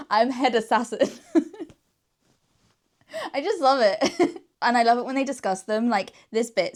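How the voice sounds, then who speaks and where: A woman's voice: a little high, animated, slow pace, pauses often. Giggly, gushing young woman. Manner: enthusiastic, giggles often between sentences. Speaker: book reviewer. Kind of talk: casual chat.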